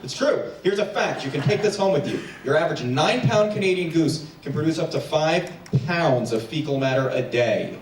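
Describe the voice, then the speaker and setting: Male stand-up comic from New Jersey, animated crowd work, roomy distant theater recording with audience noise. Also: a little high. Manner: quick crowd work, animated voices for pets. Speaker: stand-up comedian. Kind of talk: stand-up comedy set. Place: theater stage before a packed house. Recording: echoey stage sound from far off, audience noise.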